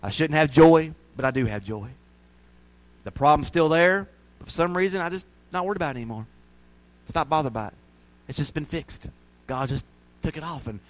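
A man preaching a sermon, telling stories and building to loud, fervent peaks. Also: a little high, poor audio.

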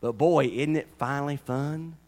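A man preaching a conversational sermon into a wireless microphone, folksy, dropping to quiet asides and rising to fervent exhortation. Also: a little high, moderate pace. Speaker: pastor.

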